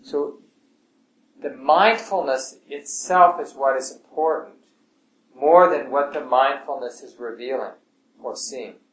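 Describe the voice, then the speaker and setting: A man teaching a meditation class in a calm, gentle way, his voice often sinking soft and low. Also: slow pace. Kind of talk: relaxed meditation class talk. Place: class room with students. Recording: echoey room, faint ambience.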